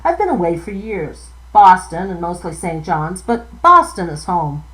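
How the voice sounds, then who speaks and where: A woman's voice: lowish voice, sing-song, unhurried, fairly bright tone, rough recording. A polite, eager young man back from years in the city, friendly and curious. A woman reads his lines in her own voice in a storybook reading.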